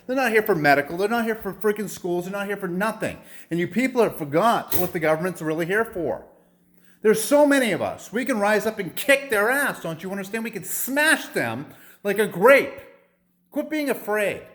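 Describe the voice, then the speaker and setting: A man's voice: high-pitched, fairly bright tone. A young man in a heated, profane political rant, repeating himself and firing off rhetorical questions. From United States.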